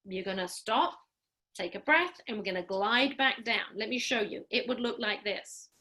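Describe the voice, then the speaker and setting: A woman speech-language pathologist leading an online group through voice exercises, upbeat and encouraging, with a clear, deliberate, coaching delivery over a video call. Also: medium pitch, bright, forceful tone. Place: home, during a live online program.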